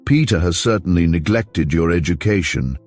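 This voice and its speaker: A man's voice: low voice, lively intonation, normal speed, a little mellow, faint music behind. A man voicing a cold, sneering young swindler in an audiobook reading. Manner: sneering, rough. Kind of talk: audiobook character voice.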